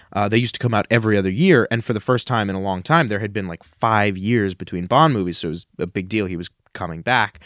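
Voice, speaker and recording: A man's voice: on the low side, no room sound, studio quality. Enthusiastic rambling male podcast co-host. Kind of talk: casual chat.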